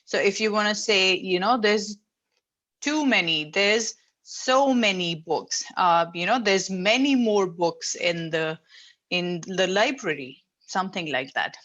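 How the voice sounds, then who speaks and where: A woman's voice: mid-range voice, a little slow, fairly bright tone. A woman teaching an English class over a video call, explaining patiently step by step with frequent fillers. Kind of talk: online class instruction.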